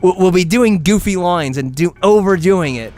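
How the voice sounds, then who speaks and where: This is a man's live gameplay commentary: high-pitched, expressive and at a normal speed, with a darkish tone. He rambles, rants and keeps cutting himself off, laughing a lot and complaining in exaggerated fashion.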